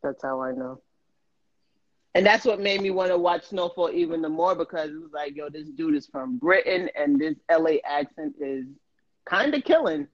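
A man's voice: on the high side, lively intonation, normal speed, dry recording, highs cut off. A man co-hosting a podcast in casual chat, teasing and laughing often. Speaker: podcast co-host.

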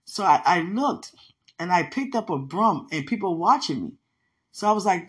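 A woman's voice: lowish voice, sing-song, moderate pace. Emphatic woman preaching conversationally. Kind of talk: sermon-style teaching about a dream.

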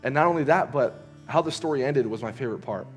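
A young man preaches in a loose, conversational way, telling a story full of fillers and quick restarts. His voice sits at an ordinary middle pitch. Soft music plays faintly under him. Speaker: youth preacher. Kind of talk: casual sermon storytelling.

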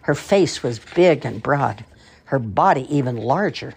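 An older woman with a husky voice reading a children's story aloud with expression. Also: a bass voice, lively intonation, unhurried, darkish tone.

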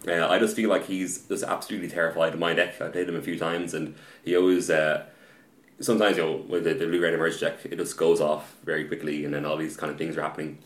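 Man, very low voice, halting casual storytelling, roomy echoey sound. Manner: halting, repeats words, animated when excited. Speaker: card game player telling a match story. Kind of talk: casual podcast chat.

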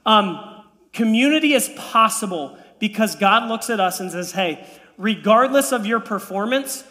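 A man in his thirties preaching a sermon in a church, telling stories with playful asides. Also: sits high. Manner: animated storytelling with playful asides. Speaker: pastor. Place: church sanctuary. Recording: long reverb of a church hall.

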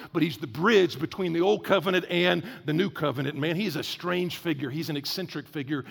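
A man preaching a sermon as pastor, energetic and conversational, slipping into acted asides. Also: a little high, gravelly. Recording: long hall reverb.

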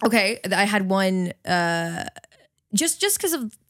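A woman's voice: mid-range voice, big pitch swings, unhurried, no echo, clean studio sound. A woman in her twenties co-hosting a podcast, chatting casually and bluntly, with frequent swearing. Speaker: podcast co-host. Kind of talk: casual chat.

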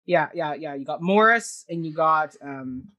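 A man's voice: a little high, expressive, unhurried, pushed and bright. A man chatting casually on a podcast, reviewing a play with strong opinions and plenty of fillers and restarts. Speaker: theatre reviewer.

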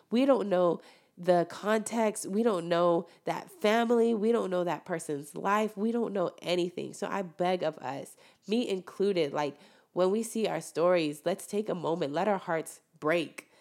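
A young woman hosting a casual opinion monologue, preaching with emphatic, animated delivery and sudden loud peaks. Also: on the low side, normal speed.

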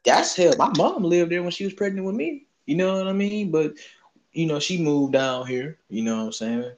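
A man's voice: on the high side, lively intonation, moderate pace. A man with a Southern US accent hosting a casual chat, talking in laid-back slang and laughing often. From Southern United States. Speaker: podcast host.

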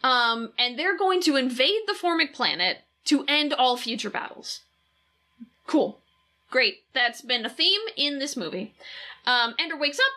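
A woman co-hosting a podcast, talking in a chatty, animated way. Her voice sits high and swings widely. Her tone is bright, and she swears casually. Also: measured pace. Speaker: podcast co-host. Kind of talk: casual chat.

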